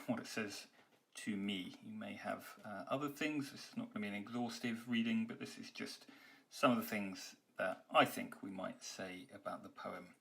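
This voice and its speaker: A man's voice: mid-range voice, a bit bright. A man giving a university poetry lecture, talking conversationally and explaining step by step, with frequent ums and uhs. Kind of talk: recorded lecture.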